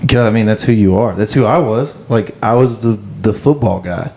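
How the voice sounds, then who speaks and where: A young man co-hosting a podcast in casual chat, halting and reflective, full of fillers. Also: on the low side, mellow, a little hiss or hum. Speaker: podcast co-host.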